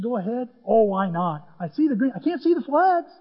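High, husky man preaching. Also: brisk. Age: middle-aged. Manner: animated, folksy storytelling with acted-out dialogue. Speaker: pastor. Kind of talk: storytelling sermon. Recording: muffled, echoey church hall.

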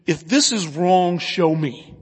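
A man with a high voice preaches a sermon, earnest and conversational, asking his listeners questions as he goes. His voice rings out with a long reverb, as if filling a large hall. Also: lively intonation, slow, slightly rough. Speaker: pastor.

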